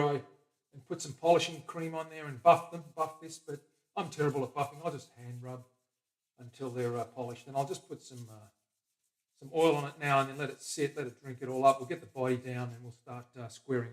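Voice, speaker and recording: A man hosting a casual workshop stream, chatting to viewers and a helper as he works. His volume swings between loud, excited bursts and quiet mumbles to himself. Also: medium pitch, brisk. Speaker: guitar builder hosting a livestream. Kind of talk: casual workshop chat while working.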